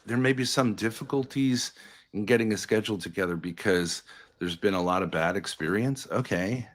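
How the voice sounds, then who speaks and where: A man's voice: fairly low pitch, normal speed. A man in a heated argument on a live stream, blunt, confrontational and swearing freely.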